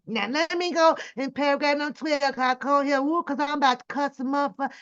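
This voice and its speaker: A woman's voice: high voice, fairly even intonation, fast, hardly any pauses, fairly bright tone. A woman hosting a reaction livestream, talking in a drawling, profane, mocking way. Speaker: reaction channel host. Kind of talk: casual livestream commentary. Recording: dull lo-fi home stream audio.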